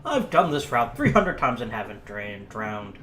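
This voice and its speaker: A man's voice: on the low side, very animated, unhurried, sharp tone, full character voice. A man voicing a careless male train guard who speaks in an offhand way. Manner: offhand, casual. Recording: echoey room, faint hiss.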